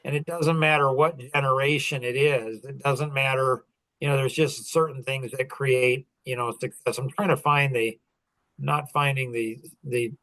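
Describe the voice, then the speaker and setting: A man's voice: medium pitch, fairly bright tone, no room sound, poor audio. A middle-aged man coaching in a casual chat, rambling through stories with many fillers and restarts. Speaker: business coach and podcast host.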